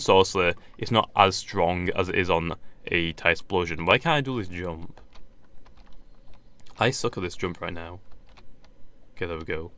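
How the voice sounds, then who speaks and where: A young man giving casual, rambling gameplay commentary in a slightly hoarse voice that he says he is losing, often restarting his sentences. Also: low voice, fairly bright tone. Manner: rambling, hesitant, frequent restarts and laughs. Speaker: gaming YouTuber.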